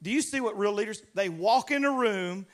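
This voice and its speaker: This is a pastor from Louisiana with a Southern accent, giving a sermon full of playful, animated anecdotes with acted-out voices. He speaks at a moderate pace in a high-pitched voice.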